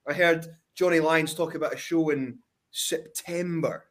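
A man's voice: on the high side, steady tone, unhurried. A man talking trash as a wrestler guest on a podcast, brash and cocky, swearing freely. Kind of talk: boastful trash talk.

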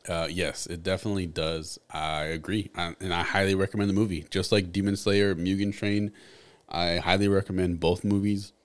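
A male podcast co-host with a very low, deep voice. He talks in an easygoing, slangy way and sometimes gropes for the right word in relaxed conversation. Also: normal speed. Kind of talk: casual podcast chat.

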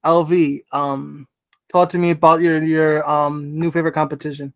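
A man hosting a sports podcast in casual chat, brisk and dryly teasing as he runs through lists. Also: on the high side, level tone, fairly bright tone. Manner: brisk, lists teams rapidly with dry teasing. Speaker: podcast host.

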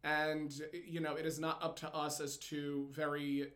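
A man with a Brooklyn accent co-hosting a podcast, chatty and quick to laugh, often cutting in over his co-host. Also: fairly high pitch, monotone, fairly bright tone. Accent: Brooklyn New York. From Brooklyn, New York. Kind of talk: casual chat.

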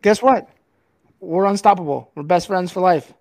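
On a podcast set filmed on camera, a fired-up man with a slightly high voice vents at normal speed, swearing freely and talking over his co-host. His delivery is casual, heated, and profane, more rant than calm speech.

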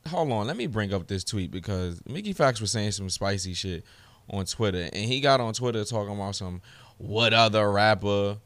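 A man's voice: lowish voice, normal speed, fairly bright tone, dry recording. Heated, profane young man podcasting solo. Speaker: podcast host.

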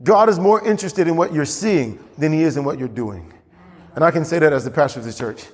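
A pastor preaching a sermon in a church, getting animated and climbing high as he acts out scripture. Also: brisk, long reverb tail.

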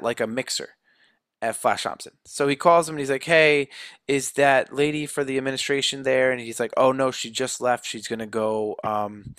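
A man co-hosting a casual chat, retelling a film plot in a loose style with fillers and quick quoted lines. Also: mid-range voice, fairly bright tone, no echo. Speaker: co-host recapping a film.

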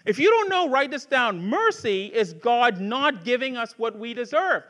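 A man with a very high, bright and forceful voice preaches a sermon to his congregation. He talks conversationally, with asides and restarts, then builds to fervent rhetorical questions. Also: big pitch swings, normal speed. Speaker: pastor.

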